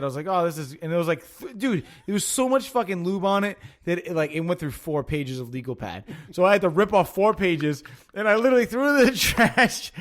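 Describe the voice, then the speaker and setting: A man hosting a podcast, telling stories in casual chat, profane and excitable, acting out quotes. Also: sits high. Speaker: podcast host.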